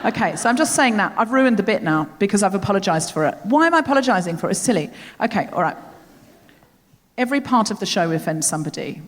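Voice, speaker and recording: Woman comedy host, live onstage, expressive and bouncy, long hall reverb. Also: medium pitch, fast talker. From Australia. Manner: animated, self-deprecating, laughing often. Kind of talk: live stand-up style chat. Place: large theatre stage. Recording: reverberant theatre, faint audience noise. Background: audience laughter.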